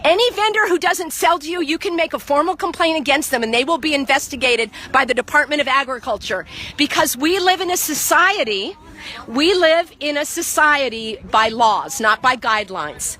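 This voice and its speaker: A woman's voice: sits high, lively intonation, moderate pace, sharp tone. A woman filming with a handheld phone at an outdoor market, lecturing people insistently and preachily about the law. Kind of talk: impassioned street lecturing.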